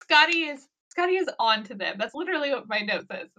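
High, bright-voiced giggly woman. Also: quick pace. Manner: giggly, animated retelling with quoted voices. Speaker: podcast co-host. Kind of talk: casual chat recapping a show.

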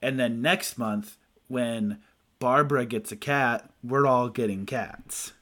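A man's voice: medium pitch, slow pace, a bit bright. A man co-hosting a casual comedic chat, playfully building on his partner's jokes and laughing often.

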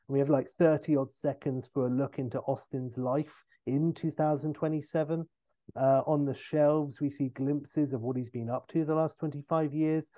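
Man pitching a comedy caper, mellow voice. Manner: rambling, with fillers and self-corrections. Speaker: podcast host pitching a film idea. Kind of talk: comic storytelling pitch.

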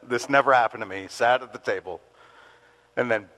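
A middle-aged male pastor preaching a sermon, telling a story with lively laughter and acted-out quotes. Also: medium pitch, normal speed, rough recording. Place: church gathering in a community center.

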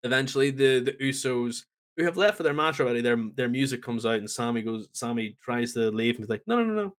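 A man on a podcast casually recapping a wrestling show, telling it as a lively story and acting out the lines. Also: medium pitch, fairly quick. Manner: animated storytelling, acts out quotes. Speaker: podcast co-host.

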